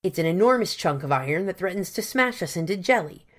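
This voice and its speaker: A dismissive, stubborn academy secretary, voiced by a woman answers in dry, clipped skepticism. The voice is fairly low and unimpressed. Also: lively intonation, fast talker. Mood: skeptical.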